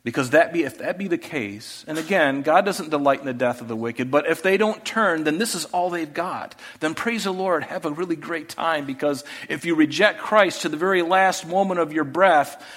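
A male pastor preaching a sermon earnestly, often dropping to a soft voice for rhetorical questions. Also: a little high, animated, normal speed, few pauses.

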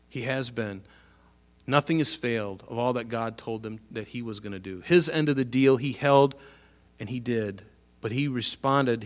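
A man preaching a sermon. He reads scripture aloud, explains it and asks his listeners rhetorical questions, speaking earnestly and with emphasis. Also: mid-range voice. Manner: earnest, emphatic, rising for quoted verses. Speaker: pastor. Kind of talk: sermon, reading and expounding scripture.

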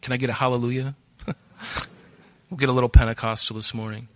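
A man preaching a sermon as pastor, animated and acting out quoted voices. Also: mid-range voice, quick pace.

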